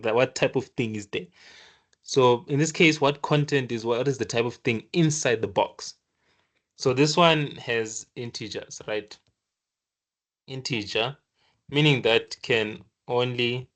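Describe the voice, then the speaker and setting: A man with a medium-pitched voice gives a screen-share programming lesson in a casual, animated style. He restarts often while thinking out loud and slips in short acted bits of the computer scolding.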